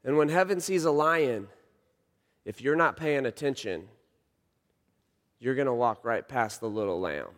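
A man in his thirties preaching a sermon, telling a story and swinging from hushed lines to shouts. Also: mid-range voice, lively intonation, unhurried, pauses often. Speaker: pastor. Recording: long reverb of a large hall.

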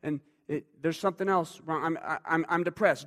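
High-voiced male preacher in a reverberant hall. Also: moderate pace. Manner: conversational, shifting from loud to quiet. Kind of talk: sermon.

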